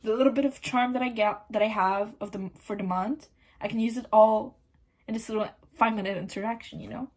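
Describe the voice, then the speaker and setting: Chatty woman podcaster, slightly high voice. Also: fairly even intonation, a little fast, a little mellow. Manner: chatty, exasperated, swearing, many fillers. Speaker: podcast host. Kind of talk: casual storytime monologue.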